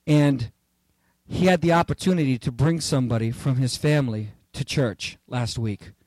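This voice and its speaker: A male pastor preaching a sermon in an emphatic, repeating way that climbs to near-shouts on key phrases. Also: medium pitch, normal speed, dry recording. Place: church.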